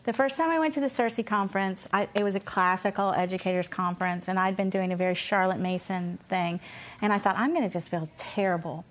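A woman in her fifties talks through a conference session as a homeschooling mother. She is earnest and self-deprecating, starting sentences over as she goes. She also reads passages from a children's book aloud. Her voice sits at an ordinary middle pitch. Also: brisk. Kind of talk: conference talk and read-aloud.

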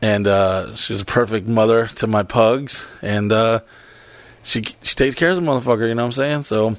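A man's voice: lowish voice, moderate pace, no echo. A man telling a story in casual podcast chat, rambling, swearing freely and laughing as he goes.

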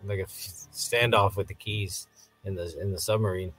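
A man's voice: sits low, husky, soft background music. A man co-hosting a podcast, casually chatting about a TV episode, asking questions about the plot and laughing easily. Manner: animated and questioning, quick to laugh. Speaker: podcast co-host. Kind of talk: casual chat recapping a TV episode.

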